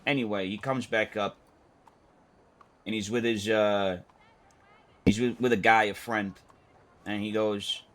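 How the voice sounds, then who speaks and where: A man's voice: lowish voice, normal speed, long pauses. A man playing a character in an online roleplay game, telling a wild story with lots of swearing and acted-out quotes. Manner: animated, profane storyteller who acts out quotes.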